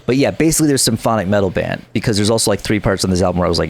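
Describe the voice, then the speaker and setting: A man with a lowish voice, chatting on a casual podcast. He rambles and restarts, and he is opinionated but easygoing. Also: lively intonation, rapid-fire, creaky. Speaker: podcast co-host. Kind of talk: casual chat.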